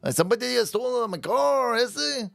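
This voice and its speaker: A man voicing an adult man reporting his stolen car in halting, simple phrases. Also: very high-pitched, animated, creaky, a bit bright, no echo, studio quality, soft background music, pitched above the performer's own voice, heavily acted. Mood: pleading.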